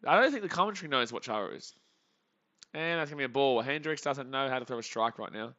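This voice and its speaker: Young australian man, bright tense voice, excitable live sports reactions, muffled lo-fi mic. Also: medium pitch, fast talker. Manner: excitable, jokey, swings between muttering and shouting. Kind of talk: live play-by-play reaction chat.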